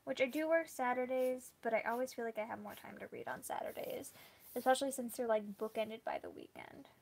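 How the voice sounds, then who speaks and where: A woman book vlogger chatting casually with her viewers, full of "like" fillers and quick laughs. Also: fairly high pitch, very animated, gravelly, a little mellow. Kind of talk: casual live chat with viewers.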